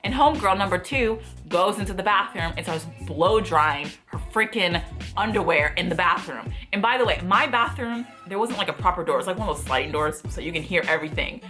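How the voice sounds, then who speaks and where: A young woman vlogger tells a story, exasperated and animated, stuffed with "like" and replayed quotes. Her voice is lowish and a little fast, with faint music in the background.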